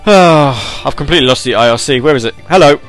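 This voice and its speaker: A man's voice: medium pitch, fast, soft background music. A young British man presenting an internet radio show, chatting casually in a rambling, self-mocking way and sometimes putting on an announcer voice, his throat sore from it. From Britain. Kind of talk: casual live radio chat.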